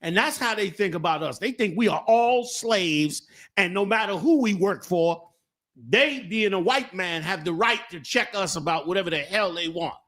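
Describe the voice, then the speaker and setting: A man's voice: high-pitched, a bit bright. A man hosting a live stream, giving emphatic commentary on a clip and drawing out his stressed words. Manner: preachy, emphatic, drawn-out stresses. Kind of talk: commentary on a viral video.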